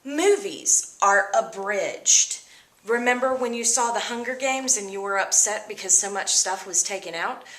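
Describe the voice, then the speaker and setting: A woman teacher explaining vocabulary words to her students in an upbeat, expressive way. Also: mid-range voice, measured pace, reverberant. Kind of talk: vocabulary lesson.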